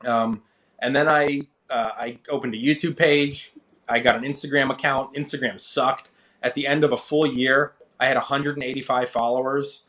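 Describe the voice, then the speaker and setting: Guest: thirties man, casual storyteller, lively when quoting others. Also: moderate pace. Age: 30s. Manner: animated, acts out quoted people with rising pitch. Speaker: interview guest, finance creator.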